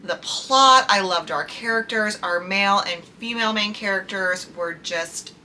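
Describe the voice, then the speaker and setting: A woman's voice: mid-range voice, unhurried, pushed and bright, slight background noise. A young woman chatting casually about books she loved, gushing and chatty with lots of "like" fillers. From United States. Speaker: book reviewer. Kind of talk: casual chat.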